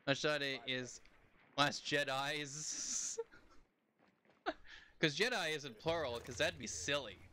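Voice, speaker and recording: A young man with a very bright, fairly high voice chats loosely while he plays, rambling from thought to thought and breaking into laughter. A faint hiss sits under his voice. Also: animated, drawn-out words, long pauses. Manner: rambling, chatty, laughs often. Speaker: game streamer. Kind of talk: casual live-stream chat while playing.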